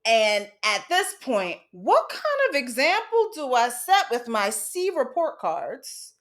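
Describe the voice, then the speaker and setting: A woman's voice: high-pitched, big pitch swings, slow, hardly any pauses, fairly bright tone. A woman host telling a candid personal story from her childhood, casual and frank, with some swearing. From United States. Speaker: podcast host.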